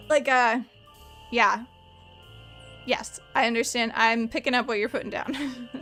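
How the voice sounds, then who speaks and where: A woman's voice: fairly high pitch, sharp tone. A woman streaming a mystery game, chatting casually and rambling in asides to her viewers. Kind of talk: casual let's-play chat.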